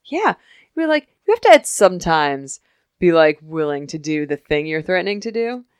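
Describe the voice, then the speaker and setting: A young woman co-hosting a podcast, chatting casually about a TV episode and acting out the characters in quick voices, laughing often. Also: sits low, big pitch swings, clear, resonant tone, no room sound. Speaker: podcast co-host recapping a TV episode. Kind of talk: casual chat.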